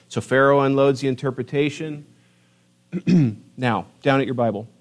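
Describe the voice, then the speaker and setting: A middle-aged man preaching a sermon, lively and emphatic, reading scripture and pressing home his points. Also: mid-range voice, moderate pace. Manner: animated preaching, rising to emphatic peaks. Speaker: pastor.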